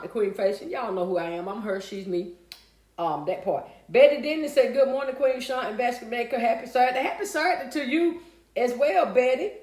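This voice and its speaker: A woman hosting a casual livestream, chatting with viewers and reading out their comments in a folksy way. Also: fairly high pitch. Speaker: livestream host. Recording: echoey room.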